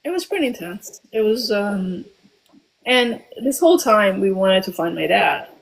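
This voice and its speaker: A woman in her forties from Albania, telling a personal story as a guest, reflective and often pausing with ums and restarts. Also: medium pitch, expressive, creaky, poor audio.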